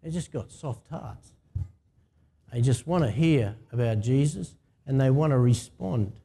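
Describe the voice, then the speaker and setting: An Australian pastor with a mid-range, mellow voice and a breathy edge preaches unhurriedly, his intonation lively. His sermon is conversational, and he asks the congregation to answer him.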